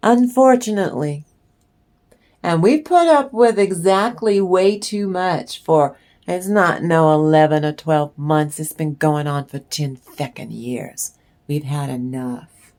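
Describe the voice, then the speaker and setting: A woman's voice: deep voice, unhurried, darkish tone. A woman giving a channeled tarot reading in a blunt, emphatic way, with swearing. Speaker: tarot reader.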